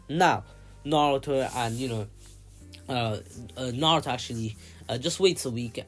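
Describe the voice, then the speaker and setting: A man's voice: mid-range voice, a bit bright. Rambling casual anime storyteller, man. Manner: rambling, filler-heavy, loose retelling. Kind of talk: casual anime plot retelling.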